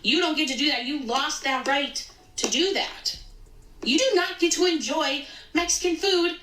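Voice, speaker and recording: A woman's voice: sits high, normal speed, sharp tone, a little hiss or hum. A woman delivering an emphatic, indignant social media rant, hammering her points with repetition. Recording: echoey room, voice far from the mic.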